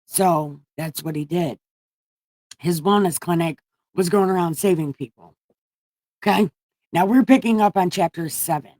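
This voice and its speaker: A woman with a somewhat low voice hosts a casual livestream from a room at home. She retells scripture with profanity and jokes, rambling as she goes. The sound is dry and close. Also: warm tone, husky, no room sound. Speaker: livestream host. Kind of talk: irreverent casual Bible retelling.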